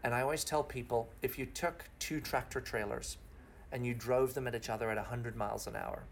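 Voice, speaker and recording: A man's voice: mid-range voice, steady tone, fairly quick, gravelly, a little hiss or hum. A middle-aged man, a pastor, telling a long personal story in a podcast interview through vivid extended metaphors.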